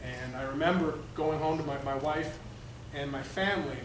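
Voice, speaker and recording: A man in his late thirties from Canada, giving an animated motivational talk to students and acting out the voices he quotes. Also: a little high, moderate pace, noisy background. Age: 30s. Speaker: motivational speaker. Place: high school gym or auditorium. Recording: echoey hall, mic at a distance.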